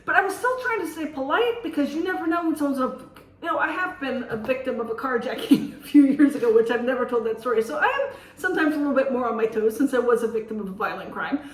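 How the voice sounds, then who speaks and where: A woman vlogger telling a story to camera in a casual, animated way, laughing here and there. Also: sits high, quick pace, roomy sound, distant mic, low-quality recording. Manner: chatty, animated, with laughs, on the defensive.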